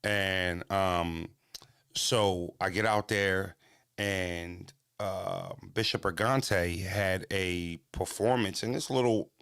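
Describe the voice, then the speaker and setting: Low-voiced profane American man telling stories. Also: fairly even intonation, slow, creaky, fairly bright tone, clear, resonant tone, no echo, clean studio sound. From Pennsylvania, US. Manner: profane, laughs often, acts out others' voices. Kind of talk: casual storytelling.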